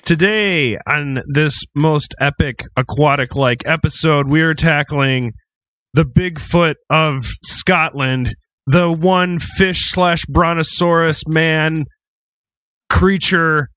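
A man's voice: on the high side, steady tone, slow pace, fairly bright tone, dry recording. A man hosting a comedy podcast, joking casually with his co-hosts. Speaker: podcast host.

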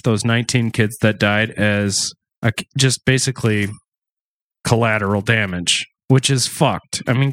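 A man's voice: medium pitch, a bit bright, no room sound. A man co-hosting a casual true-crime podcast, talking loosely with asides and restarts. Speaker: podcast co-host.

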